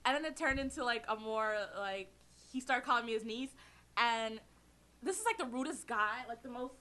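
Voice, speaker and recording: A teenage girl co-hosts a student radio show, her voice bright and sharp and pitched a little high. She tells stories in an animated rush, full of likes and giggles. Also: moderate pace. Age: teens. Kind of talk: casual chat.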